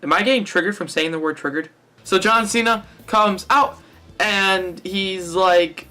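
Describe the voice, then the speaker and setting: A man's voice: high-pitched, measured pace, pushed and bright, faint music behind. A young man rambling casually through a wrestling fantasy-booking monologue, correcting himself and cracking jokes as he goes. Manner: rambling, self-correcting and jokey. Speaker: wrestling fan vlogger.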